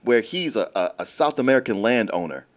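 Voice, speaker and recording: A man co-hosting a casual movie chat, asking questions and adding opinions in a relaxed way. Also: medium pitch, fairly quick. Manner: relaxed, inquisitive, chiming in. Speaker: co-host.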